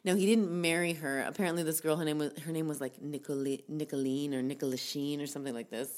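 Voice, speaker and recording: A woman's voice: sits low, steady tone, fast talker, darkish tone. A woman casually recounting a story to a co-host, rambling with many fillers and restarts. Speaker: podcast co-host telling a story.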